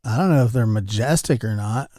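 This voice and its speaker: A man's voice: medium pitch, a little fast, dark tone, no echo, clean studio sound. Man rambling casually on a stream. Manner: rambling anecdotes, addresses chat by name. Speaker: livestreamer.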